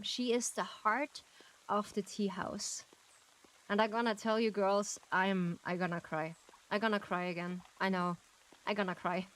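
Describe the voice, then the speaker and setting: Slow-talking giggly woman streamer. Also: medium pitch, rough recording. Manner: giggly, gushing, thanks chat often. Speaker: game streamer. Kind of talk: casual live-stream chat while gaming.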